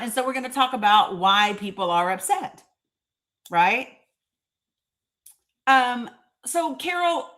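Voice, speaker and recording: A woman from Northeast Tennessee talks straight to her livestream viewers in a chatty, emphatic way, answering commenters by name. Her voice is bright and forward, pitched a little high, and her Tennessee accent comes through clearly. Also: lively intonation, slow, pauses often. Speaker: livestream host. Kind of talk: live-streamed commentary to viewers.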